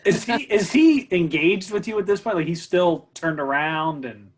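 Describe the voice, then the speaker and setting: A man on a comedy podcast panel giving short reactions and quick questions. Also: sits high, lively intonation. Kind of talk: casual podcast chat.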